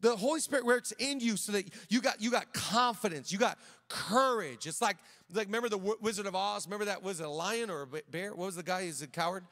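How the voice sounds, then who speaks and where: Bright high-voiced man preaching in a reverberant hall. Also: quick pace, few pauses. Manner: conversational, many restarts, drops to quiet storytelling. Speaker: pastor. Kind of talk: sermon with personal storytelling. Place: large church auditorium.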